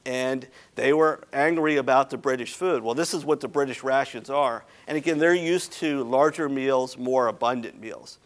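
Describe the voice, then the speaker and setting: A man's voice: medium pitch, normal speed, few pauses. An American man giving a history lecture at a symposium, talking casually with many ums and restarts. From United States. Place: lecture hall.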